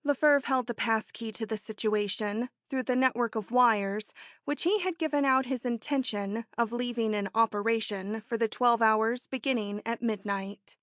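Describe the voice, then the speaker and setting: A woman with a fairly high voice narrates an audiobook from a script, keeping her storytelling measured and even. There's no room sound, and the quality is that of a studio.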